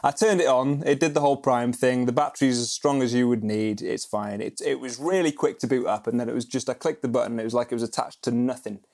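A man's voice: medium pitch, fairly even intonation, quick pace, few pauses, darkish tone. A man co-hosting a podcast, telling stories in a chatty, self-mocking way and laughing often. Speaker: podcast co-host. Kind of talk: casual podcast chat.

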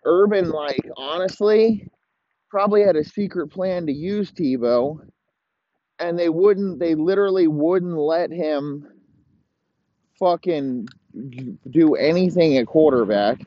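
A man's voice: on the high side, slow, no room sound, lo-fi sound. A man hosting a podcast, ranting profanely and rambling in heated complaint. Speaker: podcast host. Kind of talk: profane casual rant.

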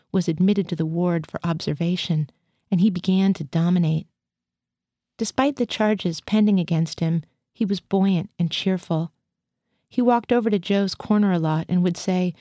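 Leitura literária de uma mulher, calma e constante, com timbre baixo e suave. A gravação é seca e limpa. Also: female voice, on the low side, dry recording. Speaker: reader. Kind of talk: literary reading of a first-person story.

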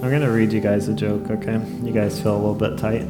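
A man's voice: fairly low pitch, little pitch movement, quick pace, over loud music. A man preaching a casual sermon, chatty and laughing at his own jokes.

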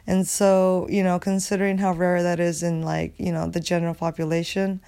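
A woman with a slightly low voice talks alone into her podcast mic. She rambles in a loose, casual rant, swears freely and packs her sentences with filler words. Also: level tone, normal speed, creaky, mellow, clean tone. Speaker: podcast host.

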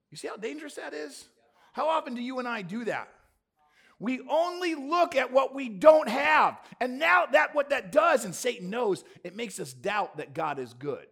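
Male pastor, high for a man, gravelly; punchy rhetorical sermon delivery with jokey asides. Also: big pitch swings, normal speed, a bit bright. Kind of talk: lively sermon to a live congregation. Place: church before a congregation.

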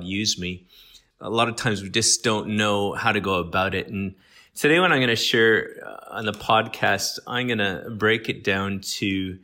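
A middle-aged man with a slight lilt, giving a relaxed, conversational podcast talk full of fillers and restarts. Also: fairly low pitch. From Canada. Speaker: guest speaker. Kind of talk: podcast teaching.

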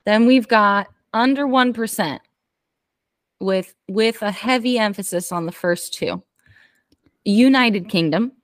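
A woman's voice: medium pitch, takes it slowly, no echo, clean studio sound. A woman co-hosting a podcast in casual chat, playfully reading out listener stats. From United States. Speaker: podcast co-host.

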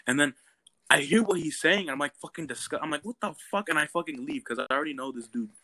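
A young man telling stories in a casual chat, animated and profane, often bursting into loud exclamations. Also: fairly high pitch, fast, no room sound.

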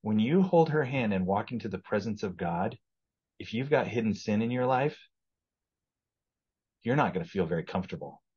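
A man's voice: fairly low pitch, lively intonation, moderate pace, long pauses, darkish tone, slightly rough, dull audio. A man speaking earnestly as a podcast guest in a casual testimony conversation.

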